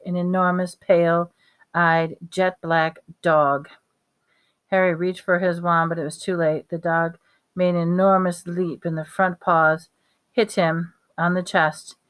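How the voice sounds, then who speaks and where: A woman reading a novel aloud at a steady pace, with small slips and restarts. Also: on the low side. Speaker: reader.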